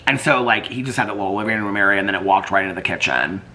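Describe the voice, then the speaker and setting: Fast-talking, rambling man vlogger. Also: fairly low pitch, sharp tone, slight background noise. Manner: rambling, heavy use of "like". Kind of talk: casual chat.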